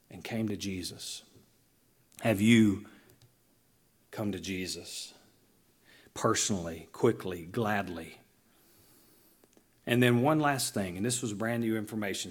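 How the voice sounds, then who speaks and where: A male pastor preaching to his congregation. His voice is a little husky, and he tells stories with lively, emphatic changes in loudness and pace. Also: fairly low pitch. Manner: animated storytelling with emphatic dynamic shifts. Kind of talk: sermon.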